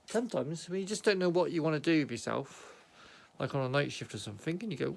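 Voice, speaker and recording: A man's voice: on the high side, big pitch swings, quick pace, gravelly. A British man vlogging about his painted miniatures in his home office, chatty and self-mocking, often muttering asides. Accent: British English. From Britain. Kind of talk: rambling casual show-and-tell.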